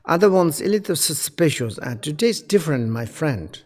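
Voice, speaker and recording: A Buddhist teacher, a man, gives a dharma seminar in halting English, often restarting and repeating phrases. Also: on the high side, animated, big-room sound. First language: Tibetan.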